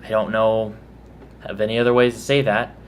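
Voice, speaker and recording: A man's voice: fairly low pitch, little pitch movement, normal speed, slight background noise. A man with a Texan accent, casually musing about his own pronunciation in a vlog. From Texas. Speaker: vlogger.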